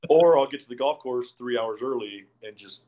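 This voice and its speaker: A podcast co-host with a mid-range voice and moderate pace tells friends a crude golf story, captured on a low-quality recording. It's casual storytelling: an animated anecdote full of laughter and heavy swearing.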